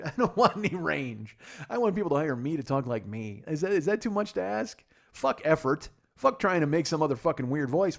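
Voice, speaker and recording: A man's voice: medium pitch, lively intonation, quick pace. A man in his forties hosting a comedy podcast, talking in a rambling, profane, self-deprecating monologue full of restarts. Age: 40s. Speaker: podcast host.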